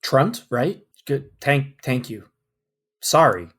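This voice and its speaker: A man's voice: medium pitch, expressive, slow, a bit bright, slightly rough. Earnest, hesitant tabletop player man. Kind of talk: playing a tabletop game.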